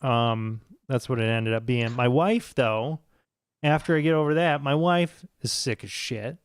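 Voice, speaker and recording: An American man in his thirties, chatting casually on a podcast and swearing freely as he rambles through his stories. His voice sits at an ordinary middle pitch and is recorded dry and close, with no room echo. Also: a little slow, clean tone. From United States. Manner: profane, rambling storyteller. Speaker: podcast co-host. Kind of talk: casual chat.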